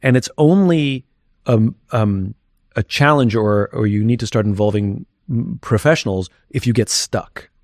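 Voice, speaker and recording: A man's voice: on the low side, a little slow, a little mellow, no room sound, studio quality. A man talking candidly as an interview guest, reflective and thinking aloud as he goes.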